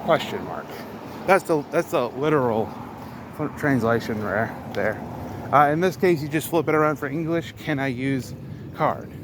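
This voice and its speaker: A man's voice: mid-range voice, moderate pace, background noise. A man vlogging outdoors on a path, explaining foreign phrases in a casual, hesitant way and sounding out words with care. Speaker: vlogger learning a language. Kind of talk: casual explanation while walking.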